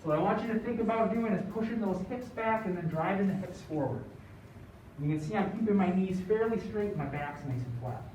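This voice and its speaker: A fitness instructor with an expressive, medium-pitched, darkish voice coaches a home workout a little fast, with slight background noise. The broadcast comes from a large echoey room through a distant, dull mic, and the instructor encourages and counts down between exercises.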